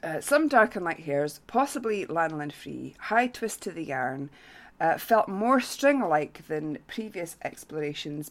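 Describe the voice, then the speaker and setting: A woman hosting a casual craft podcast, reading listener notes aloud in a halting way with fillers. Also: lowish voice. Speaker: podcast host.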